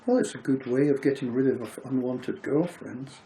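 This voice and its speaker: A man chatting as a guest co-reviewer, making dry, deadpan quips. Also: mid-range voice, normal speed, vocal fry. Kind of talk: casual chat about a film. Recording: roomy echo.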